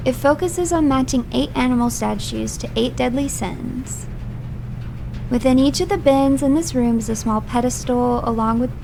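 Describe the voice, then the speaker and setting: A woman's voice: on the high side, gravelly, background noise. A woman streaming a game live. She reads hints aloud, then rants in playful mock outrage and repeats phrases for comic effect. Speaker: virtual streamer.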